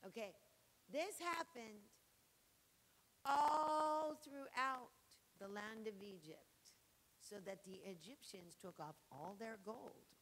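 A woman preaching a sermon with fervor, swinging from loud exhortation to soft acted asides. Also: a little high, slow, a little hiss or hum, low-quality recording. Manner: fervent, shifting between shouted exhortation and soft acted asides.

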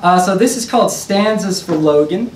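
A man's voice: high-pitched, moderate pace, a little mellow. A young man, a spoken word poet, reading his poems to a live audience with laughing, rambling asides between pieces. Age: young adult. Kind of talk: poetry reading with casual banter. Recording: roomy, distant live recording with faint noise.

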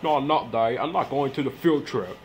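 A man voicing a bratty young boy who whines and shouts at his father in a puppet parody skit. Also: mid-range voice, fairly quick, a little hiss or hum, lightly acted. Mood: stubborn. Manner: whiny, stubborn, yells at his father.

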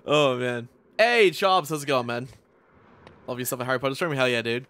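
A man's voice: mid-range voice, moderate pace, fairly bright tone, faint music behind. A young man streaming a game at home, chatting casually, swearing a lot and laughing often as he rambles through stories.

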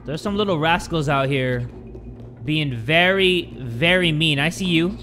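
A young man giving jokey, excitable commentary while playing a game, jumping between loud yelps and low mutters. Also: unhurried, soft background music. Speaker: gaming YouTuber. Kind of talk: let's play commentary.

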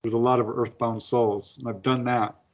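A man's voice: medium pitch, level tone, normal speed, highs cut off. A man, a guest author, telling stories in a casual interview, laughing often and acting out his own lines.

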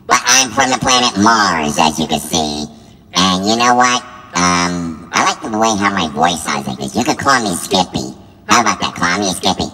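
A man's voice: low-pitched, expressive, moderate pace, pushed and bright, breathy edge, voice pushed down, exaggerated voice. A man through an effect as a goofy alien. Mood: playful. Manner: playful, self-amused. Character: goofy male alien called Skippy. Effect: alien voice processor. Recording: long reverb with music.

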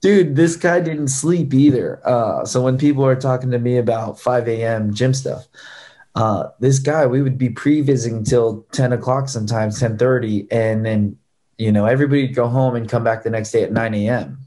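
A man in his thirties, a stunt performer telling stories as a guest in a casual chat, lively and acting out other people's lines. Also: medium pitch, moderate pace.

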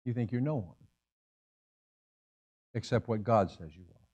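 A man's voice: on the low side, a little slow, a little mellow. Emphatic older male preacher. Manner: emphatic, repeats phrases for effect. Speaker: pastor. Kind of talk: sermon. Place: church sanctuary.

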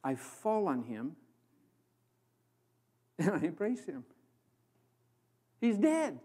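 A man from the American Midwest preaching a sermon as a guest preacher, swinging between loud proclamation and hushed emphasis. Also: sits high, wildly swooping pitch, extremely slow, husky. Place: church.

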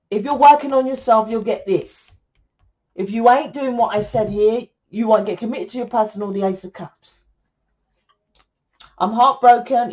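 A woman's voice: mid-range voice, warm tone. Blunt ranting British woman. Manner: blunt, ranting, swears freely. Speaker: tarot reader. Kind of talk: casual monologue to camera.

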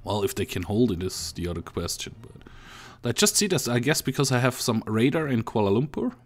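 A man's voice: medium pitch, animated, a little fast. A man with a Russian accent chatting casually while playing a strategy game with a friend, thinking aloud as he goes. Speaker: gamer. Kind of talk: casual gaming chat.

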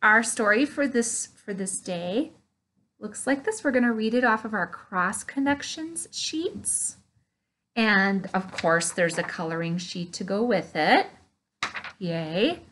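A woman teaching an online preschool Bible lesson, animated and playful, gasping in delight as she talks to small children. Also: mid-range voice, slow pace.

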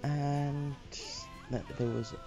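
Gravelly-voiced man rambling over gameplay. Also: a little high, fairly even intonation, drawn-out words, music in the background. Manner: rambling, muttering to himself while building. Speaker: let's play host. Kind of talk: casual gameplay commentary.

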